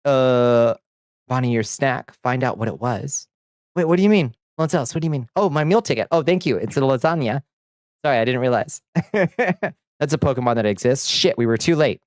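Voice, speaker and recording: A man's voice: mid-range voice, expressive, a little fast, darkish tone, no echo, studio quality. A man chatting casually on a livestream, reading viewer comments aloud and answering with blunt, profane jokes and frequent laughter. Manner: reads chat aloud and banters, laughing often. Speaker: streamer.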